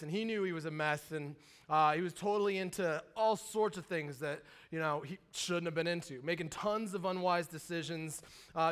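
A man's voice: high-pitched, a bit bright, clear, resonant tone. A man in his thirties, a pastor telling a story in a sermon, casual and chatty, with many fillers and asides.

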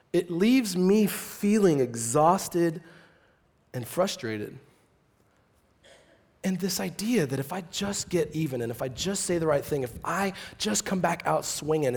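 A middle-aged male pastor preaching a casual, joking sermon that swings from quiet reflection to loud, emphatic bursts. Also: on the high side.

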